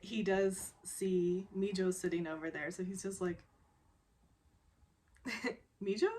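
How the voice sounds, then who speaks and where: Slow, rambling woman recapping a drama. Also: on the low side, fairly even intonation, darkish tone. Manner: rambling, many fillers, often laughing. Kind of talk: casual spoken episode recap.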